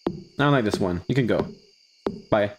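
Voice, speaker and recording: A man's voice: lowish voice, moderate pace, noisy background. A man giving casual, playful commentary on his own gameplay, talking to himself and jumping into silly voices. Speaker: let's play gamer.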